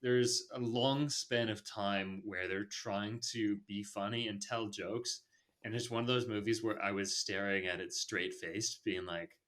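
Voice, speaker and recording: In a casual movie review chat, a male podcast host talks loosely, full of fillers, and doesn't soften his takes. His voice is lowish and fairly bright, with fairly even intonation and a measured pace.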